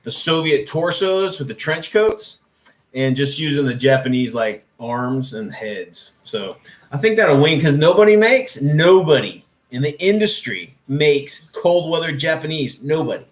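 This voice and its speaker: A man's voice: a little high, lively intonation, a little slow. Laid-back man chatting in an echoey room. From Central Texas. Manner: laid-back, joking, trailing off with fillers. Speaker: co-host of a painting stream. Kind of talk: casual chat while painting miniatures.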